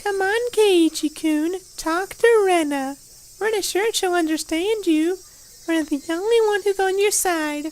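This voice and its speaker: Rena: a woman doing an eerie girl with a very high voice. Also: a little slow, poor audio. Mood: creepy sweet. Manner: sweet sing-song menace, repeats herself. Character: eerie teenage girl stalking a frightened boy. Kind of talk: fan voice acting of a game.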